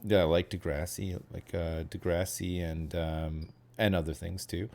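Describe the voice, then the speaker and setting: A Canadian man with a fairly low voice chats casually on a stream. He rambles, keeps adding "like", and checks in with "right?". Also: little pitch movement, a little slow, darkish tone. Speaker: streamer chatting with a guest. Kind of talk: casual chat.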